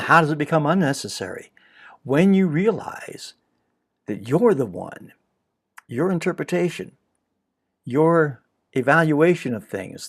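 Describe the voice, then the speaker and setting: A man's voice: mid-range voice, darkish tone. A man hosting a reflective spiritual talk in a conversational way, now and then acting out imagined back-and-forth dialogue. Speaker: host.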